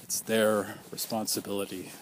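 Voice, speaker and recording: A man speaks as a survivor in an impassioned personal monologue, earnest and accusing, stacking up repeated rhetorical questions. His voice is on the low side and level in tone, at a moderate pace, with a little hiss or hum in the recording.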